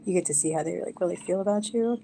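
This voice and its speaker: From home, a woman livestreams casual, candid chat, rambling from topic to topic and sometimes slipping into whispers. Her fairly low voice is mellow with vocal fry, she talks fast, and there's slight background noise.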